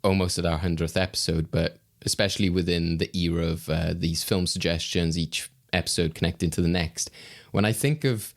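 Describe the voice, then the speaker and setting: Host, man, lowish voice, giggly and rambling; casual film podcast chat. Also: steady tone, a little fast. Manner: jokey, laughs often, rambling with fillers.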